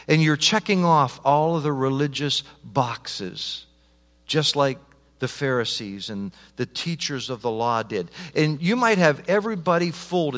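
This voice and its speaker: A middle-aged male pastor preaching a sermon to his congregation, moving between hushed pleading and loud, impassioned calls. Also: mid-range voice. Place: church sanctuary. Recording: long reverb of a church hall.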